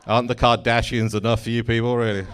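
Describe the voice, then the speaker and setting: A man's voice: mid-range voice, level tone, fast talker, fairly bright tone. A man in his forties with an English accent, doing stand-up with dry, mock-indignant punchlines. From England. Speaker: stand-up comedian. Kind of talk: stand-up comedy.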